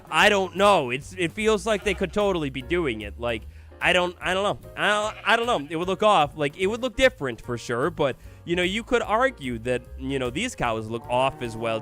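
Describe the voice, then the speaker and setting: A male gaming streamer with a slightly high voice that swings up and down as he chats. He rambles casually and answers viewer comments aloud, with faint music playing behind him. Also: fairly bright tone. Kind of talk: casual livestream chat.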